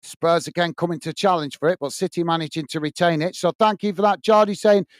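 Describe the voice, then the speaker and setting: A man's voice: high-pitched, steady tone, quick pace, dry recording. A man hosting a live match watch-along, calling the play step by step and thanking viewers by name between moves. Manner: calls the action steadily, blow by blow. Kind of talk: live play-by-play commentary with chat shout-outs.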